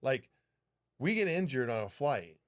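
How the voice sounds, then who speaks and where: Animated, profane man telling stories. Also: mid-range voice, unhurried. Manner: animated, profane, acts out what people said. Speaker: podcast co-host, flight attendant. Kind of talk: casual podcast storytelling.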